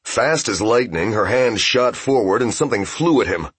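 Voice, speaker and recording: A man narrating a fantasy game novel as an audiobook, in steady, even storytelling. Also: on the low side, normal speed, breathy edge, no echo.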